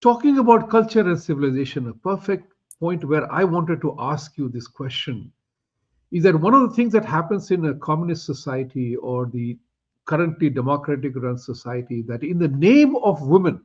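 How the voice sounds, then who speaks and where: A man's voice: fairly high pitch, lively intonation, moderate pace, husky. A man hosting an interview, making emphatic points and asking rhetorical questions. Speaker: show host. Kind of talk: opinionated interview talk. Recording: dull lo-fi audio.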